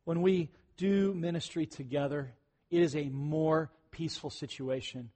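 A middle-aged male pastor preaching a conversational sermon, often clearing his throat and rising into excited bursts. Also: fairly high pitch, a little slow.

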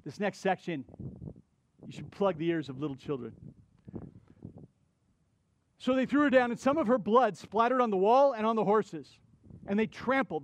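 A male pastor with a voice that sits high delivers a conversational, animated sermon. He retells a story and breaks off with asides to the congregation.

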